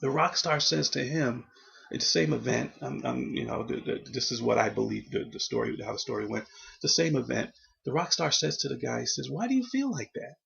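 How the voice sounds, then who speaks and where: A man's voice: medium pitch, brisk, gravelly, fairly bright tone, highs cut off. A man giving an earnest, rambling motivational talk full of restarts. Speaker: motivational vlogger.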